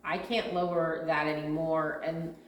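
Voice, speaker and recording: A woman's voice: sits low, level tone, measured pace. A woman co-hosting a farm vlog Q&A, chatting casually and explaining things at length with lots of fillers. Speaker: farm vlog co-host and video editor. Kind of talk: casual Q&A chat. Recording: roomy echo.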